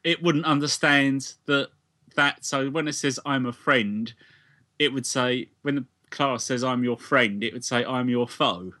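A British man co-hosting a podcast speaks at a measured pace with a medium-pitched, bright, forceful voice. In a casual review chat, he analytically picks apart a plot and asks questions.

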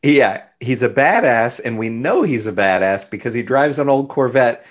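A man's voice: medium pitch, lively intonation, normal speed. A man co-hosting a podcast, reviewing a film in casual, laid-back chat with dry sarcasm. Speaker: podcast co-host.

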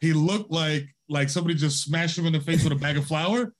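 A man's voice: on the high side, brisk. An American man, a comedian guest on a podcast, chatting and telling stories in loose slang full of "like" and "you know". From United States. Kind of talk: casual chat, storytelling.

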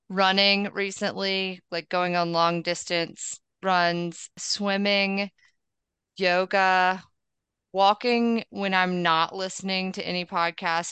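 A woman's voice: on the low side, sharp tone, clear, resonant tone, dry recording. A woman guest on a podcast, chatting casually and listing items with friendly fillers. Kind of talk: casual conversation.

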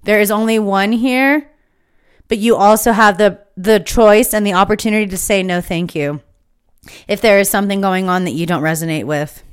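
A woman's voice: mid-range voice, steady tone, moderate pace, smooth. A woman hosting her own podcast, giving an impassioned, emphatic spiritual monologue that is full of swearing. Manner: fired-up, emphatic, swears freely. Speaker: podcast host.

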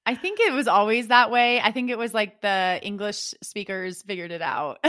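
A woman, talking on a podcast in a loose, rambling way. Her voice is bright and sits at a middle pitch, and she packs her stories with fillers and restarts. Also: moderate pace, few pauses. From United States. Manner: rambling, animated storytelling with many fillers. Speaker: podcast co-host and triathlete. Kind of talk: casual chat.

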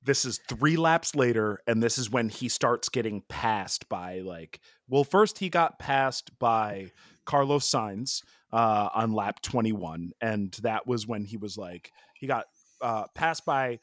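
A man co-hosting a podcast in casual sports chat, telling stories in an animated way with lots of "like" fillers. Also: on the low side, slow, no room sound, studio quality. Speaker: podcast co-host.

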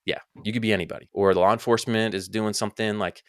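Fast-talking man explaining drone rules. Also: fairly low pitch, fairly even intonation, clear, resonant tone, no echo. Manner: fast, filler-heavy talk with frequent "like". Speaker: drone training founder and guest expert. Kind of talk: casual podcast explanation.

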